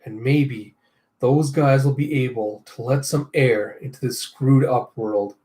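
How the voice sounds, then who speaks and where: A man voicing a defiant, wisecracking male hacker in a deliberate, dry way. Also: medium pitch, fairly even intonation, dark tone, close to an everyday voice.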